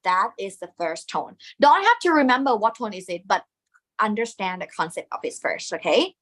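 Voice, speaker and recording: A woman's voice: mid-range voice, very animated, normal speed, fairly bright tone. A woman with a Thai accent teaching Thai tones in a live online lesson, often checking in with "okay?" and singing syllables to demonstrate.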